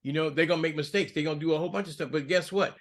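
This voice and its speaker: A man co-hosting a political podcast, talking casually and getting heated. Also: racing. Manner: heated, rising pitch when angry. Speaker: podcast co-host.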